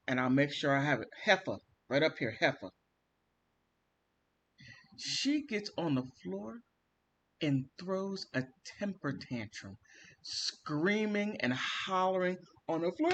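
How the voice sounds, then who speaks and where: A man vlogging, telling a family story in an animated, theatrical way and acting out the quotes. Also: high voice, slow. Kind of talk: casual storytelling monologue.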